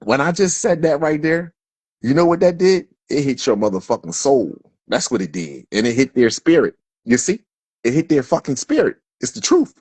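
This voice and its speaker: A man's voice: medium pitch, animated, normal speed, darkish tone, slightly rough, dry recording. A man delivering a heated, profane livestream rant from Philadelphia, stumbling over repeated words as he builds up. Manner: profane, fiery, repetitive, stammering restarts. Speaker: livestream host.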